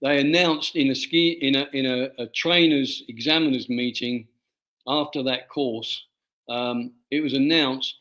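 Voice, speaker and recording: A man, an author being interviewed, telling a personal story in a halting way and often repeating his words. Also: mid-range voice, steady tone, a bit bright, low-quality recording. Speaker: author guest.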